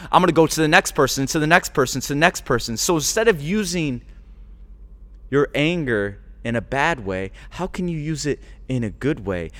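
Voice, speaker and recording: A man's voice: a little high, bright, forceful tone, big-room sound. A man hosting a podcast, giving a motivational monologue that repeats phrases and builds to fervent urging. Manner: preachy, repetitive, builds to fervent exhortation. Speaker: podcast host.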